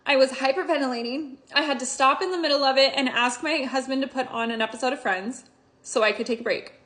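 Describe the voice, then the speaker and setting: A woman's voice: high voice, quick pace, fairly bright tone. A young woman reviewing a book in a casual vlog, emotional and gushing, with casual swearing.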